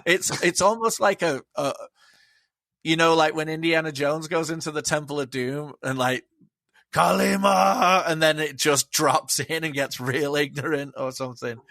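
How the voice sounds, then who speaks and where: A man's voice: a little high, steady tone, moderate pace, a bit bright, no room sound. A man chatting as a podcast guest, enthusiastic and rambling, swearing freely. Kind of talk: casual chat.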